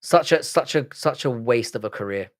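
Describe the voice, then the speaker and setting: A young Irish man with a Cork accent hosts a live stream and chats loosely with viewers. He talks bluntly and swears freely, stopping and restarting his sentences, at an ordinary mid pitch. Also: lively intonation, normal speed. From Ireland. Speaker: livestream host. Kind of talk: casual live-stream chat reading viewer comments.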